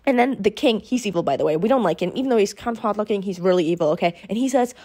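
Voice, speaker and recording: Fast-talking young woman gushing about books. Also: mid-range voice, animated, dark tone. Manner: chatty, gushing, emotional. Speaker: book vlogger. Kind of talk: casual vlog chat.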